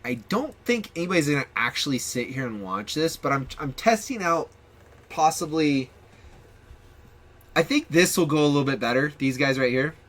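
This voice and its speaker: A man's voice: fairly high pitch, expressive, moderate pace, fairly bright tone. A man hosting his own gaming channel, chatting casually and rambling with ums and restarts. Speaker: channel host.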